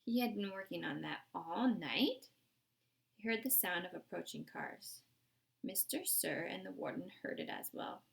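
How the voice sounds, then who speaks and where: A woman reading a novel aloud in steady storytelling. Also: lowish voice, unhurried, creaky. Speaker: audiobook reader.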